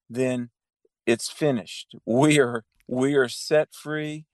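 Man, radio Bible co-host, fervent, theological, mid pitch, dry studio sound. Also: normal speed, no room sound. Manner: fervent, theological, frequent amens. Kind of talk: conversational Bible teaching.

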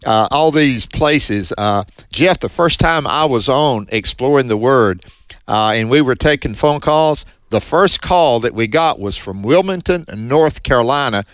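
A man's voice: medium pitch, lively intonation, a little slow, fairly bright tone, clear, resonant tone, no room sound. A man from northeast Mississippi with a strong Southern accent, co-hosting a Christian radio pledge drive in a folksy, chatty and upbeat way. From Northeast Mississippi, USA. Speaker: radio co-host. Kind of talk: Christian radio fundraiser chat. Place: radio studio. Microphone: studio microphone.

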